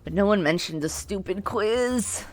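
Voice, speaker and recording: A young woman streamer reading a dating game aloud, breaking in with brash, profane and loud reactions. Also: medium pitch, a little slow, faint music behind.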